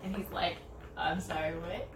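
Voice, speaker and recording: A young woman chatting casually while crafting, giggling and rambling through a long story with quick put-on voices. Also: fairly low pitch, steady tone. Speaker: DIY crafter. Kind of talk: casual chat. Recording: echoey, distant, noisy room mic.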